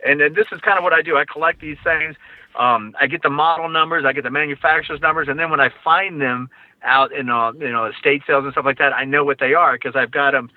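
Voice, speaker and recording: A man's voice: on the high side, fairly even intonation, quick pace, no echo. A male guest on a casual podcast, talking eagerly and at length about collecting grills and books, with many restarts. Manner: enthusiastic, rambling with restarts. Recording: dry, phone-like line.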